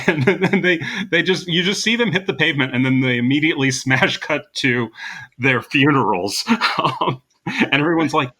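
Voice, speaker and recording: Podcast co-host, male, bright tone, casual animated storyteller. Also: a little high, moderate pace. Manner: animated retelling with laughter. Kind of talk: casual movie discussion.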